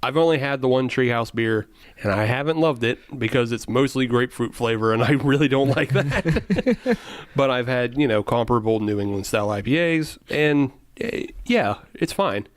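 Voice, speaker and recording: A man's voice: mid-range voice, lively intonation, normal speed, no room sound, clean studio sound. A man co-hosting a casual beer-tasting podcast, joking and laughing often. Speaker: podcast co-host.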